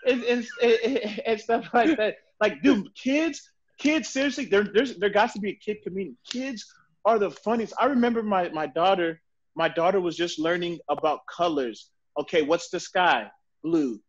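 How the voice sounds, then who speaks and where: A high-pitched man with a husky, breathy edge tells stories in a casual podcast chat. His pitch jumps all over as he stacks up repeated words on the way to a punchline. The sound is a little dull and lo-fi. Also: moderate pace. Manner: animated storyteller, repeats words while building a story. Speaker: podcast guest, football player.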